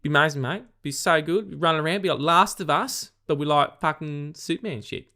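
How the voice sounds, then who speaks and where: A man's voice: on the high side, a little fast, pitched above the performer's own voice. A man putting on an exaggerated rowdy Australian bloke with a broad Australian accent, swearing and calling everyone mate. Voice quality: loud, swearing, drawling "mate".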